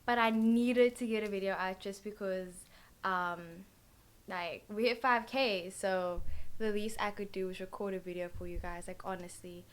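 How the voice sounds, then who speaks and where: A woman's voice: mid-range voice, steady tone, moderate pace. Young woman rambling through a tarot reading. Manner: rambling, full of "like" and "literally" fillers. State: tired. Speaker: tarot card reader. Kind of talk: casual chatty tarot reading.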